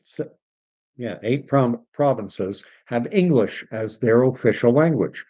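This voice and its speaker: Speaking slowly in a warm, mid-range voice with lively intonation, a Canadian livestream host reads his chat aloud. He rambles loosely between subjects and sprinkles French phrases throughout.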